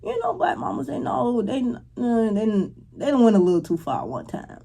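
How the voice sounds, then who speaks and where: A woman's voice: on the high side, huge pitch swings, moderate pace, creaky, dark tone. A woman reacting to clips in casual, slangy commentary, laughing and exclaiming. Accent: Chicago. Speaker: reaction streamer.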